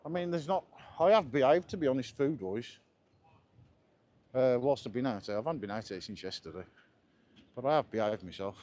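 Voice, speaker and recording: A travel vlogger live-streams from a handheld camera as he walks busy resort streets outdoors, chatting with enthusiasm in tour-guide fashion. His mid-range voice is a little mellow, brisk and lively in intonation, with long pauses.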